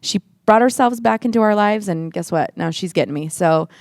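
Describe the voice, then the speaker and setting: Łagodna, zachrypnięta kobieta opowiadająca świadectwo. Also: female voice, medium pitch, brisk, darkish tone, no room sound, studio quality. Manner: earnest, emotional storytelling, acts out quoted voices. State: tearful at times. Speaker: podcast guest. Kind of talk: personal testimony in casual chat.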